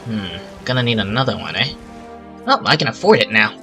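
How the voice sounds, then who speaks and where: A man's voice: lowish voice, sing-song, fairly quick, music in the background. A man giving rambling casual commentary while playing a park-building game, with exasperated asides. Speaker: gaming channel host. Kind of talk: casual let's-play commentary.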